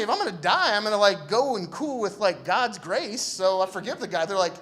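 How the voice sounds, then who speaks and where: A young man tells a personal story to a live audience in an easygoing, joking way, slipping into the voices of the people he met. His voice sits high for a man and swings widely as he acts out each exchange. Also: very animated, rapid-fire, hardly any pauses, a bit bright. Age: young adult. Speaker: speaker telling a personal story.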